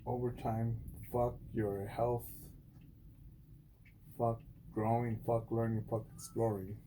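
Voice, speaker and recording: A man's voice: level tone, takes it slowly, dark tone, a little hiss or hum. A man who is a former Marine, talking bluntly and profanely in an unscripted vlog monologue, with many restarts. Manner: mimics others in a high mocking voice.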